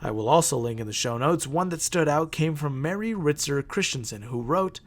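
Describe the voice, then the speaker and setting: A man's voice: on the high side, lively intonation, moderate pace. A man hosting a podcast, reading out legends and bantering with casual swearing and frequent laughs. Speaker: podcast host.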